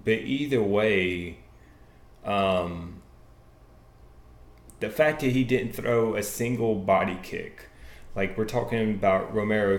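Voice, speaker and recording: A man hosting a casual livestream and giving deliberate, analytical commentary. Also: lowish voice, roomy sound. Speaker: host.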